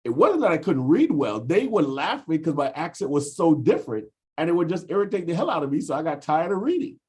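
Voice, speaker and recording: A man from the US Virgin Islands talks on a video call, his voice sitting a bit higher than most men's and coming through slightly husky. He is reflective, working through his points at length and pausing on fillers as he goes. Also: sing-song, a little mellow. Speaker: discussion group member. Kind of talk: casual group discussion.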